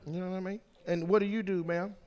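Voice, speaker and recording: A man doing loud, teasing crowd work as a stand-up comedian on a comedy club stage, with a handheld mic. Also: sits high, steady tone. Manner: loud, teasing, quick-jumping between voices.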